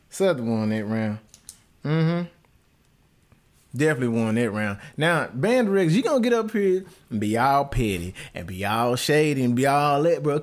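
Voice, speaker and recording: A young man hosting a casual reaction video, talking in an animated, dramatic way and laughing often. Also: fairly high pitch. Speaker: band reaction host. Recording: music playing loudly behind. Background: marching band music.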